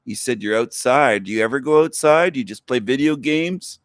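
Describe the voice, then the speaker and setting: Over a video he plays, a livestream host mocks and taunts, parroting lines back sarcastically. He speaks at medium pitch and normal speed, and the recording is dry with clean studio sound.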